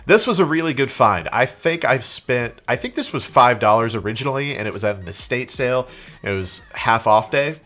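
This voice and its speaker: A man's voice: mid-range voice, expressive, fairly quick, fairly bright tone. A congested young man with a cold, rambling casually through a show-and-tell about things he resold, with plenty of fillers and restarts. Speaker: reseller vlogger.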